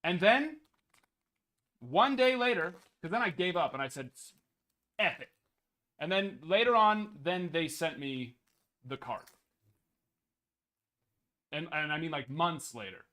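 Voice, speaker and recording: A man's voice: a little high, big pitch swings, a little slow, long pauses, pushed and bright. A man hosting a card break stream, rambling casually with jokey mock outrage. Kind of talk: casual live-stream chat.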